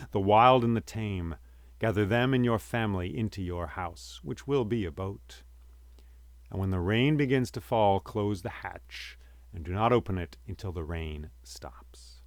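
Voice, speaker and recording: A sly trickster god of myth, as a male storyteller puts him on. He chants his warning in a repetitive, incantatory rhythm, his voice kept low. The sound is dry and intimate. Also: normal speed, no echo, lightly acted. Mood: urgent.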